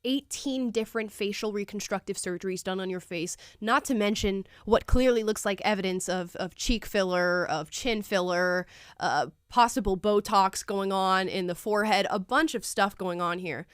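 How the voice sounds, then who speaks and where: A woman's voice: medium pitch, moderate pace, smooth, dry recording, clean studio sound. A woman hosting a show, reacting to a debate clip with emphatic, incredulous opinionated commentary.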